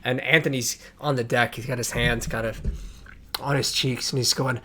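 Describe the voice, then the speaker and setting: A man's voice: medium pitch, steady tone, moderate pace, sharp tone. A man narrating as game master of a tabletop game, in a loose, hesitant way with fillers.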